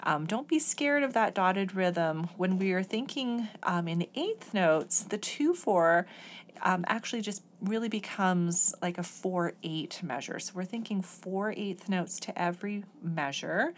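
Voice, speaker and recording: A woman's voice: fairly low pitch, animated, measured pace, slight background noise. A woman oboe professor explaining an etude step by step in a patient, methodical lesson. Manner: patient, methodical, sings rhythms on syllables.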